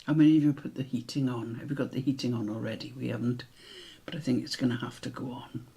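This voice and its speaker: A man with a British accent hosting a quiz, reading each question slowly and repeating it, with chatty asides in between. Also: mid-range voice, little pitch movement, vocal fry, dark tone, breathy edge. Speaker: quiz host.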